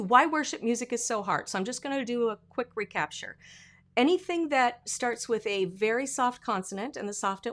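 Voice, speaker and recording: Woman vocal coach teaching singing, average pitch, keeps stopping to demo bits of a song. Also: fairly bright tone. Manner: explaining, breaks into sung and spoken examples. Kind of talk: vocal lesson with sung demonstrations.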